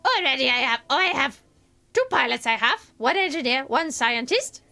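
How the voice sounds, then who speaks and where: A woman's voice: high-pitched, expressive, moderate pace, pushed and bright, exaggerated voice. A woman voicing a tiny ancient male alien sage who talks with his words in backwards order, playful on a live game stream. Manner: inverted word order, playful.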